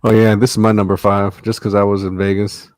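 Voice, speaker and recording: A man's voice: on the low side, level tone, brisk, darkish tone, a little hiss or hum. A man co-hosting a casual sports podcast, hesitant, often laughing and swearing freely. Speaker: podcast co-host.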